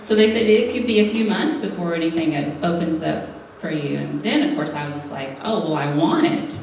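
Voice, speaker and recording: A middle-aged woman speaks at a women's church gathering, sharing a humorous personal testimony and laughing often. Her voice is low and gravelly at a normal speed. A distant mic in an echoey hall picks up a faint hiss or hum.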